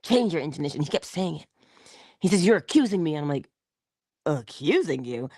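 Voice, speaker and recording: A middle-aged woman hosts a casual morning inspiration show, telling a story at a moderate pace in a low, mellow voice with big pitch swings. She drops to a whisper for emphasis and laughs often. The studio recording is clean, with no echo.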